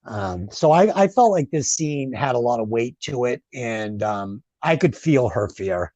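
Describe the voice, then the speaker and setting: A man's voice: mid-range voice, lively intonation, a little slow, darkish tone, no echo. Guy on a podcast going over a movie plot, lots of ums, dry sound. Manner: rambling recaps with fillers. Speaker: podcast host. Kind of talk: casual movie review chat.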